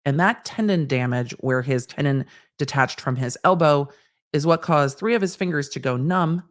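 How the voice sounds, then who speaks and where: A woman's voice: sits low, moderate pace. A woman hosting a live stream, telling a personal anecdote in a wry, casual way with the odd swear. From Southern California.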